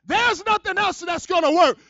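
A male evangelist preaching a church sermon, dropping to low murmurs and then rising into fervent shouting, captured on a dull, lo-fi recording. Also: normal speed, creaky, no echo. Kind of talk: fiery preaching. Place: church service.

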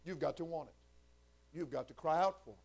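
A male pastor delivers a sermon in a somewhat high voice. He moves between soft, conversational asides and loud, rising, shouted preaching. The wide swings in loudness give it a revival feel. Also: fairly quick, creaky. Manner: builds from quiet talk to shouted preaching.

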